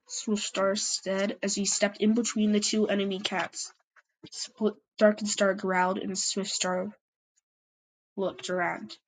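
A woman's voice: mid-range voice, level tone, slow, poor audio. A woman narrating an amateur fan story and chatting to listeners, hesitant and full of fillers. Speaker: storyteller and channel host.

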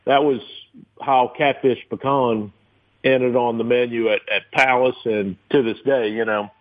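A man's voice: medium pitch, fairly even intonation, unhurried. A man in his fifties from New Orleans, a restaurateur telling rambling stories in a casual interview, with many fillers. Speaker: restaurateur guest. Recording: tinny phone line.

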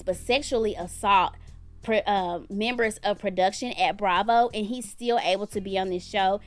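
A woman co-hosting a casual talk show, giving outspoken, opinionated commentary with blunt language. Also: medium pitch. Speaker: podcast co-host.

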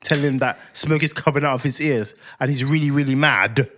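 A man in his thirties, a podcast co-host, casually telling a slangy, animated story about his son. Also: mid-range voice, brisk. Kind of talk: casual chat.

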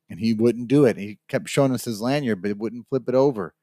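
A man co-hosting a laid-back podcast spins a rambling story, voicing the people he describes. He talks fast in a mellow, medium-pitched voice. The sound is studio quality from a studio mic, with no room sound.

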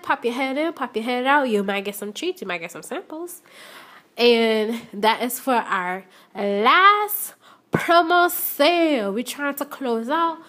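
A young adult woman hosts a casual solo podcast from her shop, stepping in and out of doors as she talks straight to listeners. Her voice is high and a bit bright, and she chats loosely, repeating herself.

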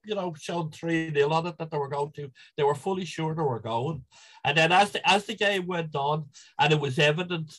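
A man's voice: high voice, a bit bright, rough recording. A middle-aged Irish man telling stories in casual chat, rambling with many restarts and chuckles. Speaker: guest, football supporter. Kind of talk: casual storytelling.

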